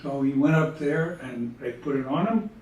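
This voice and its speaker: A man, telling folksy jokes in a relaxed, drawling way. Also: medium pitch, moderate pace, recorded from a distance. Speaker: storyteller. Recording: echoey room, speaker away from mic.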